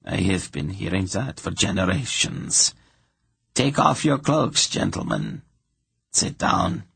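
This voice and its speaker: A reclusive swamp witch, calm and faintly bitter, speaking slowly in a deep, husky voice, as a male audiobook reader puts her on. Her tone stays flat and neutral, with a gravelly edge. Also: no echo, exaggerated voice. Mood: calm, wry. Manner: measured, strangely neutral, slow.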